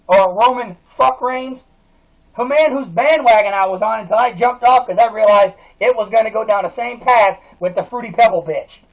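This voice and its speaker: A man's voice: very high-pitched, rough recording. Man in a heated, profane rant. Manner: heated, swears constantly, frequent restarts. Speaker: wrestling fan vlogger.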